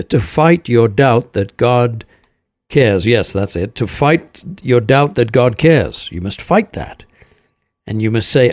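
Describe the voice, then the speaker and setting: A man preaching an earnest sermon, speaking directly to the listener and letting his voice sink low and soft at the ends of phrases. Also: no echo. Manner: earnest, addresses listener as "my friend". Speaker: regular host of a recorded devotional.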